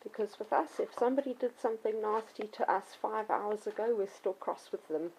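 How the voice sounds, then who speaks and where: Woman, middle-aged, dog trainer, patient teaching voice, mid pitch. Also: a little fast, darkish tone, a little hiss or hum, poor audio. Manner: clear, patient explaining, acts out yelps and children's voices. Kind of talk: instructional talk to children and parents.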